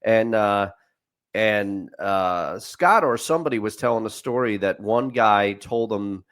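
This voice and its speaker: A man's voice: lowish voice, measured pace, a bit bright. A man co-hosting a sports podcast, telling stories in a rambling way, restarting sentences and laughing at his own tales. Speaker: podcast co-host. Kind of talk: casual sports chat.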